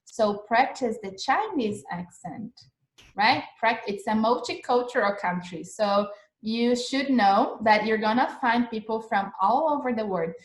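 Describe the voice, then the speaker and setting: Chatty woman teaching in an echoey room. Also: on the high side. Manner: chatty, repeats phrases, frequent "like" and "right?". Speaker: English teacher. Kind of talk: casual live-streamed lesson. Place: home in Australia.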